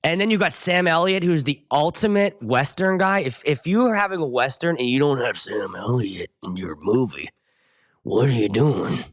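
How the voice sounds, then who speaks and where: A man from the Pittsburgh area who works as a wedding DJ, hosting a casual live stream and rambling excitably from topic to topic. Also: fairly high pitch, normal speed, few pauses. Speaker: wedding DJ and show host.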